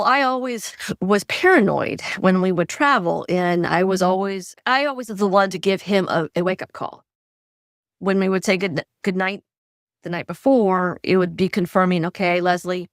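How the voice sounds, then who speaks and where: A middle-aged woman, a guest author, telling stories in an animated way and acting out quoted dialogue. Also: lowish voice, moderate pace, no room sound, studio quality. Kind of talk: conversational storytelling.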